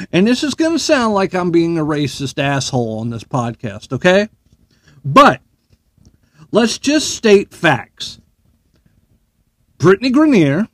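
A man's voice: a little high, no echo. A man hosting a solo podcast, ranting bluntly and heatedly with plenty of swearing. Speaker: podcast host.

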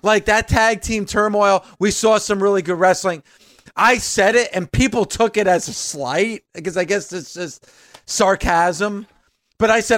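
A man's voice: sits high, measured pace, fairly bright tone, no room sound, studio quality. A man co-hosting a casual wrestling talk show, chatting and explaining his views as a fan. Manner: chatty, explains his view from a fan's angle. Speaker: podcast co-host.

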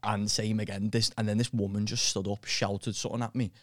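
A man's voice: fairly low pitch, flat delivery, fairly quick, a bit bright, no room sound, studio quality. A male comedian telling rowdy gig stories on a podcast, laughing as he talks and swearing casually. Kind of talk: casual chat, storytelling.

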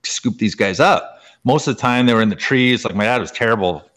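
A man from Canada, a guest author, telling personal stories in casual conversation, animated and full of "like" fillers. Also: fairly quick. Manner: animated, pitch jumping up in excitement; heavy use of "like" as filler.

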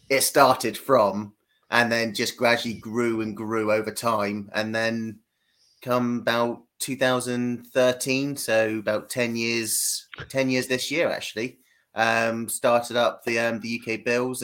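A man from East London with an English accent, chatting casually as a podcast guest, relaxed and joking, with frequent ums. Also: mid-range voice. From East London, England. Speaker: guest, UK fan club founder.

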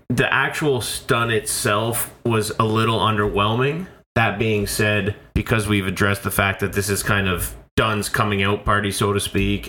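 A man's voice: on the low side, sharp tone, a little hiss or hum. A man co-hosting a podcast in casual chat, joking and giggling at his own lines. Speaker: podcast co-host.

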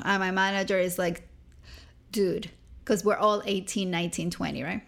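As an interview guest, a young Venezuelan woman shares a personal story in a mid-range voice with a gravelly fry, speaking at normal speed. She's animated, slipping into little voices to act out the people she quotes.

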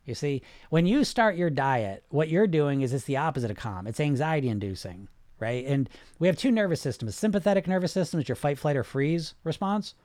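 Male coach, a bit high, rambling and animated, live-chat host who turns to calm relaxation cues, dry close sound. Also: a little fast, dry recording. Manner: rambling, animated, with frequent restarts and "right?". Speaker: weight-loss coach and podcast host.

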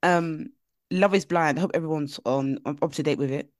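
A young woman co-hosting a podcast, telling stories with animated, playful energy. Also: low-pitched, moderate pace, no echo, clean studio sound. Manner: animated storytelling, jumps into voices. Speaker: podcast co-host. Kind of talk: casual chat.

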